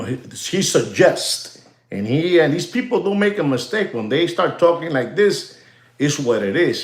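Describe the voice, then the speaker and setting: A man's voice: medium pitch, roomy sound. A man hosting a live watch market stream, in a hyped, repetitive salesman patter full of fillers. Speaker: watch channel host.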